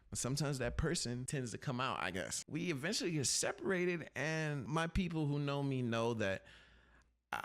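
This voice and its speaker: Young guy podcast host, chill storytelling, does the voices way up high when quoting people. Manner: animated, acts out quoted voices with big pitch jumps. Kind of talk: casual storytelling.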